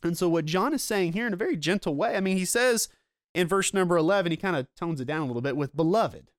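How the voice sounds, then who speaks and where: Earnest preacher with a dry close sound. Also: male voice, sits high, no echo. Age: adult with children. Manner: earnest, explanatory, slows down for emphasis. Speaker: pastor. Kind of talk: sermon.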